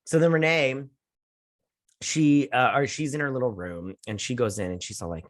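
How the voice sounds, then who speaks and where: A young man hosting a casual episode review, recapping the plot sarcastically and mocking the characters' lines in quick put-on voices. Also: lowish voice. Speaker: show host.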